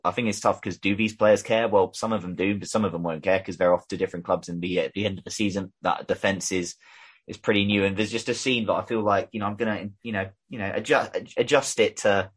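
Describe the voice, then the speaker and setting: Fast-talking husky male podcast host. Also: low-pitched, fairly even intonation. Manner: fast, rambling, frustrated, many fillers and restarts. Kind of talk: casual fan podcast chat.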